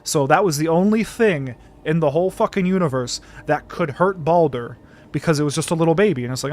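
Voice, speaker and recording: A man's voice: a little high, fairly quick, a little mellow, slight background noise. A young man streaming a game, casually retelling a myth with lots of swearing and self-corrections. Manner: rambling storyteller, swears freely, self-correcting. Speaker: gaming streamer. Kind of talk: casual livestream commentary.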